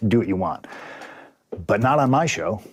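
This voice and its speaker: A man's voice: lowish voice, expressive, moderate pace. A man in a casual podcast interview, telling a story in a profane, vivid way and acting out what others said. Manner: profane, vivid, acts out dialogue. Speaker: podcast guest, pro wrestler.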